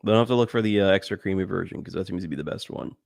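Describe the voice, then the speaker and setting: A man co-hosting a podcast in casual chat, reading ingredient labels aloud with halting fillers. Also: low-pitched, vocal fry, a little mellow, dry recording, studio quality. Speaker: podcast co-host.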